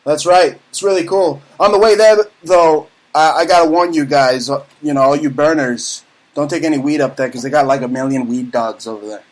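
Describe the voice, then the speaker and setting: A man hosting a talk radio show, ranting loudly and excitably in casual banter. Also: a little high, fairly quick, low-quality recording.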